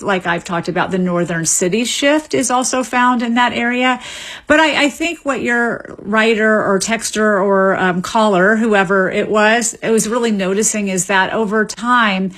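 Woman linguist explaining calmly. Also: medium pitch. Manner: measured, explanatory, with small restarts. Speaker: linguist guest. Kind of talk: radio interview, explaining.

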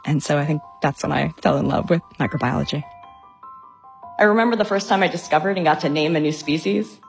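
Woman scientist, young adult, low voice, enthusiastic storyteller, soft music under. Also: a little fast, creaky. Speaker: scientist telling her story. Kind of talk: storytelling talk.

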